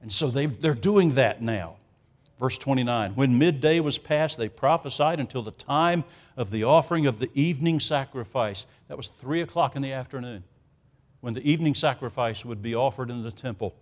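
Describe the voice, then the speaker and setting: A man preaching a sermon, emphatic, with sarcastic asides and loudness that swings from hushed to booming. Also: moderate pace.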